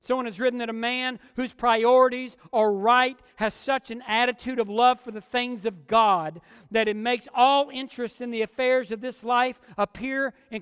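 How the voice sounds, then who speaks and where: Male preacher, high clear voice, earnest sermon delivery with questions to the room, long hall reverb. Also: fairly bright tone. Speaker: pastor.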